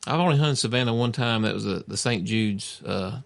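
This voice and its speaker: A man on a casual podcast, telling anecdotes with lively acted-out bits. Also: on the low side, brisk, creaky. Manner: animated storyteller, acts out voices in anecdotes. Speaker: podcast co-host. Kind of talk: casual chat.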